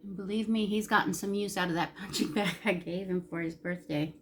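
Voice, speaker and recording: A woman's voice: medium pitch, fairly even intonation, brisk, fairly bright tone, a little hiss or hum. A woman beauty vlogger talking candidly while doing her makeup, emotional and close to tears at times. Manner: candid, emotional, chatty with Southern-style "y'all". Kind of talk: casual makeup tutorial chat.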